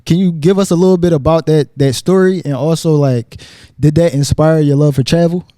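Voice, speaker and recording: Male podcast host, kinda high voice, laid back and jokey, dry close sound. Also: fairly quick, no room sound. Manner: relaxed, joking, repeats words. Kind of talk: casual interview chat.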